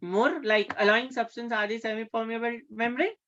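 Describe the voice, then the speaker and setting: A woman science teacher giving a classroom lecture, often pausing to check in with her students and repeating key terms. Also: on the high side, fairly bright tone, lo-fi sound, a little hiss or hum. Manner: keeps checking with questions, repeats key words.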